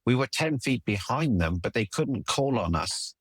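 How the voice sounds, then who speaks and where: A man's voice: mid-range voice, very animated, moderate pace, husky, no echo. A middle-aged man, a relationship coach, telling personal stories in an earnest, emphatic way with frequent restarts. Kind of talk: conversational storytelling interview.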